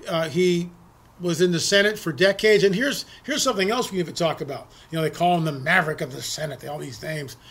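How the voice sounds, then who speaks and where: A man's voice: on the high side, fast, fairly bright tone, breathy edge. A man hosting political talk radio, ranting indignantly and often repeating words as he restarts his sentences.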